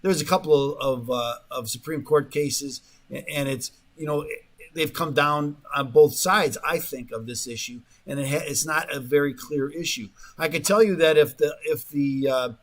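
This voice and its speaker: In a radio studio, a man with a fairly high voice hosts a talk radio show at normal speed. His casual monologue rambles, full of fillers and restarts, and he sometimes mimics the voices of the people he quotes mockingly.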